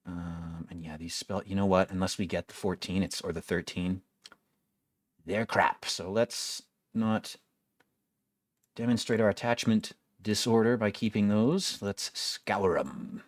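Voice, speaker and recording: A man's voice: low voice, fairly even intonation, unhurried, no echo. A young man giving casual gameplay commentary, wry and complaining, swearing freely as he plays. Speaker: gaming video creator.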